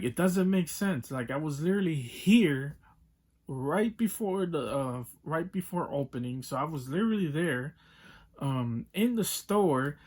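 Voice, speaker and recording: A young man telling a frustrated story in a casual vlog rant, acting out both sides of the talk, with many fillers. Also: mid-range voice. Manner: exasperated, retells with quoted dialogue and many fillers. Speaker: toy collector vlogger.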